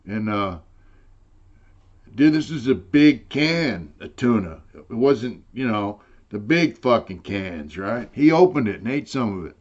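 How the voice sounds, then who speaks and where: A man's voice: on the low side, very animated, a little slow, lo-fi sound. An older man telling a long story in casual, rambling talk, swearing freely and saying "you know" again and again. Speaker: interviewee telling prison stories.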